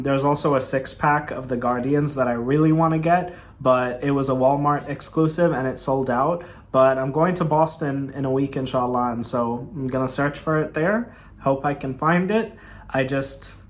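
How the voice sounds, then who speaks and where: A young man gushing in a casual video review of a film he loved, talking enthusiastically and repeating himself. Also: fairly high pitch. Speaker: movie reviewer.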